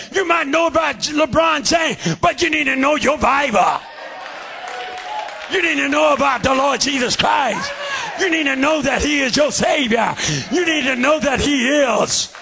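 A man preaching a fervent revival sermon in a church, shouting in a steady preacherly cadence. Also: very high-pitched, moderate pace, vocal fry, some chatter behind, slight background noise. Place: church sanctuary.

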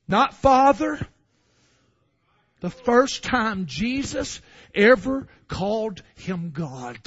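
Male preacher, high lively voice, slow bright delivery, husky edge, dull lo-fi church recording. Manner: impassioned, swinging from hushed to shouting. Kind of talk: sermon. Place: church building. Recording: dull lo-fi sound.

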